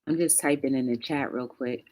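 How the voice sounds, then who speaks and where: A woman hosting a casual livestream talk show, greeting viewers by name with bright excitement and talking reflectively in between. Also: rumbling low, moderate pace.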